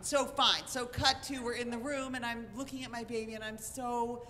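A woman telling a personal story to a live audience, animated, wry and self-mocking. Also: a little high, moderate pace. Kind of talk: live comic storytelling on stage. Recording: reverberant hall, faint noise.

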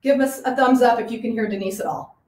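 A woman's voice: on the high side, fast talker, darkish tone, slight background noise. A woman who runs a small garage boutique, chatting enthusiastically as she presents clothes in a live online showcase. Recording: echoey room.

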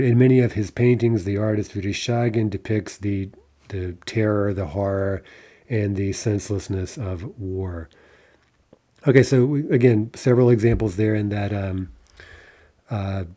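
A man's voice: lowish voice, dark tone. A man teaching a recorded language lesson over slides, explaining step by step and often checking with "right?". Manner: explanatory, frequent "right?" tag questions.

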